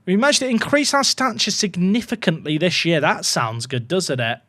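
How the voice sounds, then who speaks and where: A man's voice: high voice, sing-song, moderate pace, sharp tone, no echo. A man casually commentating on his football management game, chatty and full of joking asides to his viewers. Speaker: gaming YouTuber.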